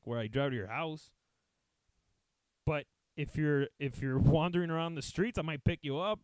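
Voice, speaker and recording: A man's voice: medium pitch, smooth, dry recording. A man, a comedian, telling a rambling, profane story casually to his live chat. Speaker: comedian and streamer.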